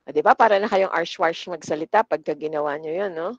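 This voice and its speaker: A woman's voice: lowish voice, no room sound. Filipino woman teaching over video call. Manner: switches between English and Tagalog; slow, deliberate demonstrations of word stress. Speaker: trainer. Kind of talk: online class instruction. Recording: dull, dry video-call audio.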